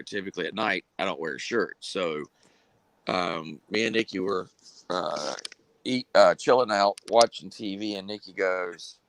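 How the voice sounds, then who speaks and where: A man's voice: low voice, a bit bright, no room sound, low-quality recording. A man, telling a long story casually on a live stream with plenty of fillers and restarts. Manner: drawling, rambling with many fillers and restarts.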